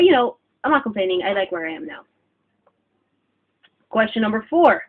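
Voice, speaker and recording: Chatty woman on a tinny phone recording. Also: medium pitch. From Philippines. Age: 20s. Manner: chatty, rambling with many fillers. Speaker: vlogger. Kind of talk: casual vlog chat. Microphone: cell phone camera.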